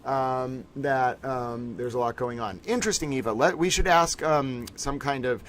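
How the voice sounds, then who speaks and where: Addressing his audience again and again as "ladies and gentlemen," a livestream host banters in a playful, theatrical, casual way. His voice is mid-range at a moderate pace, with slight hiss or hum in the background.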